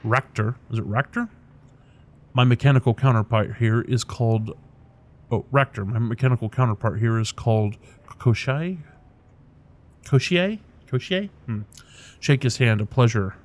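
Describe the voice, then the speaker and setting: A man's voice: medium pitch, steady tone, normal speed, darkish tone. A man narrating a video game, reading its text aloud with casual remarks and tripping over unfamiliar names. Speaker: let's play commentator.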